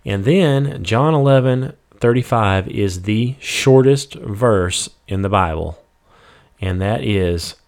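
A man's voice: fairly low pitch, takes it slowly. A man in a casual Bible study, reading verses and then restating them in plain, everyday words, with "you know" and "um". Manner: reads scripture then paraphrases it plainly; relaxed, with fillers like "you know" and "um". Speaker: Bible teacher.

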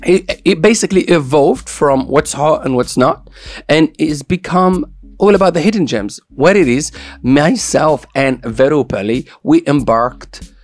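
A man's voice: on the high side, animated, a little slow, dry recording. A man hosting a radio show in casual, joking chat, with playful banter and repeated catchphrases.

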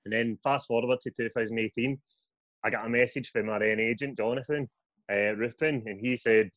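A young Scottish man, a guest author, telling his story in a sweary, animated podcast chat. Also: mid-range voice, fairly quick, dry recording, muffled recording. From Scotland.

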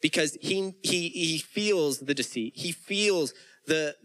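A man's voice: on the high side, takes it slowly, sharp tone, low-quality recording. A man preaching a sermon, retelling the story in casual everyday speech with frequent restarts.

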